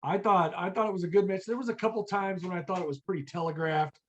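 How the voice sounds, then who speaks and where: A man's voice: sits high, quick pace, lo-fi sound. A man co-hosting a podcast in casual chat, easygoing and given to joking asides. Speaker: podcast co-host.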